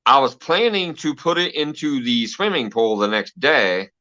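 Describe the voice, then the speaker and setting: A man's voice: mid-range voice, big pitch swings, normal speed, pushed and bright. A man hosting a casual live stream, telling stories with lots of laughter and swearing. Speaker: host. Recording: dull lo-fi stream audio.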